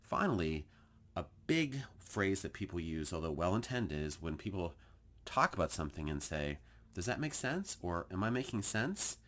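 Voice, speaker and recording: Male trainer, low voice, swooping animated delivery, acts out sample phrases, teaching tone. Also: normal speed. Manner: lively, emphatic delivery that acts out example phrases. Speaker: workplace communication trainer. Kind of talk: recorded training talk.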